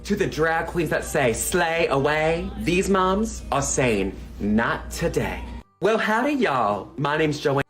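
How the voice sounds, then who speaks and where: A man's voice: on the high side, big pitch swings, takes it slowly, a bit bright, faint music behind, exaggerated voice. A man voicing a folksy, righteous middle-aged Texas mother in a sing-song drawl with a Texan accent. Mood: preachy. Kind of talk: comedy sketch character.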